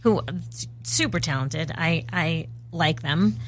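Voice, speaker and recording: Female co-host, lowish voice, wry chatty delivery. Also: slight background noise. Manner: wry, chatty, quick asides. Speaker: podcast co-host. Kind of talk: casual chat.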